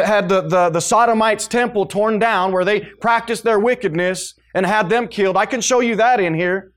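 A pastor delivers a fiery sermon to his congregation, swinging between loud emphasis and hushed, low-pitched lines.

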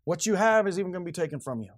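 A male pastor preaching a sermon, switching between quiet asides and loud, emphatic passages. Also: high voice, expressive, rapid-fire, no echo.

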